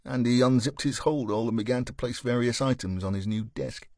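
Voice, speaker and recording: A man narrating an audiobook in a steady, even storytelling manner. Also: medium pitch, fairly quick, few pauses, no room sound. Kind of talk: scripted narration.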